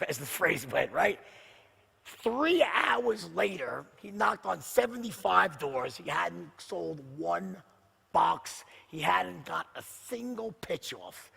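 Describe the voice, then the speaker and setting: A man's voice: sits high, vocal fry, slightly rough, big-room sound. A man speaking as a motivational speaker, telling a story to a seminar audience and acting out the other people's lines. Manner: animated storyteller acting out quoted voices.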